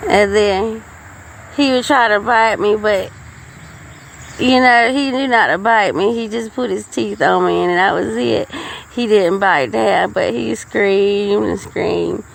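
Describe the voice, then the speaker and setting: A woman's voice: medium pitch, slow pace, creaky, slight background noise, low-quality recording. A middle-aged woman telling folksy, rambling stories as a podcast host. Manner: rambling, folksy, with frequent restarts. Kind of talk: casual storytelling monologue.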